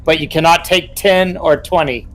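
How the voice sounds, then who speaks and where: A man running a tabletop game as game master, his voice sitting a touch higher than most men's. He settles rules questions and then narrates what the players see and hear. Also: steady tone, normal speed, a bit bright, a little hiss or hum. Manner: rules-checking, narrating scenes.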